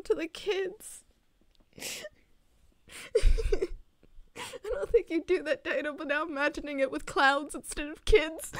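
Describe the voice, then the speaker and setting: Teen girl streamer rambling and giggling, slow easy pace, dry close mic. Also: sits high, sing-song, no echo. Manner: giggly, rambling, laughs often. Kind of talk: casual stream chat.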